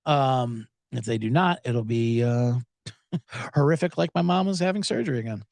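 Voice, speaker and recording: A man's voice: mid-range voice, moderate pace, creaky, dry recording. A man hosting a podcast, telling a comic story in an exasperated, riffing way. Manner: animated, exasperated riffing with swearing. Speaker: comedian and podcast host.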